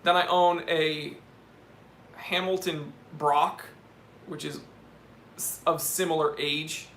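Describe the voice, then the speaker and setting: A man's voice: on the high side, steady tone, slow, fairly bright tone, reverberant, a little hiss or hum. A young man hosting a casual live stream, answering chat questions in a chummy, laid-back way and calling people "dude". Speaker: watch channel host answering live chat.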